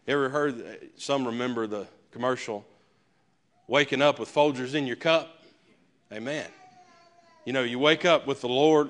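A man's voice: fairly high pitch, animated, moderate pace, fairly bright tone. A male pastor, preaching a sermon in a conversational way with folksy asides. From American South.

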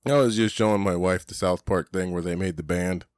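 A man's voice: deep voice, steady tone, a little fast, a little mellow, no room sound, clean studio sound. A man co-hosting a podcast in casual chat, blunt and profane, rambling with lots of "you know"s. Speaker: podcast co-host.

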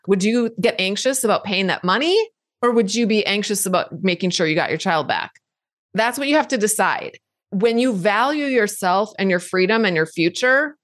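A woman's voice: medium pitch, no echo, studio quality. A middle-aged woman hosting a podcast, answering listener questions in a direct, conversational advice style with emphatic repetition. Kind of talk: live Q&A advice talk.

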